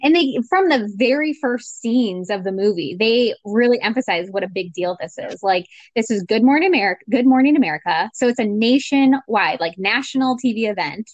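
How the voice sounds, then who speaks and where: A woman co-hosting a casual movie discussion, retelling scenes in a chatty, animated way. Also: on the high side, fairly quick, few pauses, no room sound, highs cut off. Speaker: podcast co-host.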